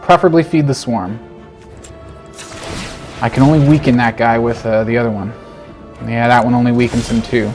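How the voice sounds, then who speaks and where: A man giving casual, animated commentary on his own card game, talking to himself and joking through his frustration. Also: medium pitch, moderate pace, pauses often, soft background music. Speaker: game streamer. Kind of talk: gameplay commentary.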